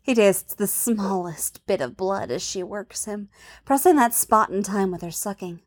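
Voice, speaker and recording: Female narrator for an intimate story reading: soft, hushed, mid pitch. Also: animated, measured pace. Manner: soft, intimate, often dropping to a hush. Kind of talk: reading an adult fan fiction story.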